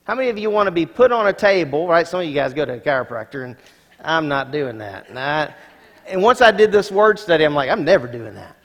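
A male pastor preaching a sermon, moving from quiet asides to loud, emphatic peaks. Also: on the high side, expressive, fast talker, long reverb tail.

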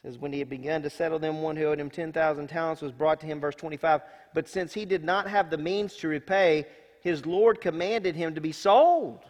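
A senior pastor preaching a sermon and reading scripture aloud, in a folksy, emphatic way that swings between loud and hushed. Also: male voice, fairly high pitch, fairly even intonation, fast, few pauses. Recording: long hall reverb.

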